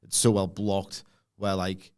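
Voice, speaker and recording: A man's voice: deep voice, takes it slowly, smooth. Ranting man. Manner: animated ranting, mock voices, laughing. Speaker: wrestling podcast co-host. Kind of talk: casual chat.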